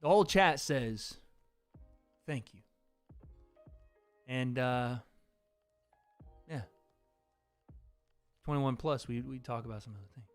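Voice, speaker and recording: A man's voice: medium pitch, fairly quick, clean tone, soft background music. A young man hosting a casual livestream, reading out donations and chatting loosely, laughing often and swearing casually.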